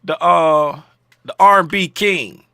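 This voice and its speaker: A man hosting a trading livestream in casual chat, joking around and shouting out viewers in chat by name. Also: a little high, slow pace, gravelly, clean tone, no room sound, clean studio sound.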